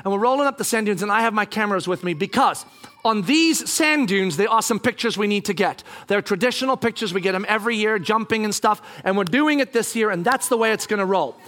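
A very high-pitched, bright, forceful male voice belonging to a middle-aged pastor. He preaches through a personal story and animates it with acted-out exchanges and sudden shouts. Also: fast. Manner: animated, acts out scenes, bursts into shouting. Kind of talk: sermon storytelling.

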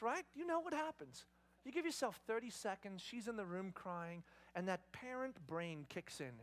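A man with a high voice preaches a sermon as pastor. He tells a story with lots of animation, putting on the voices of his family. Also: a bit bright.

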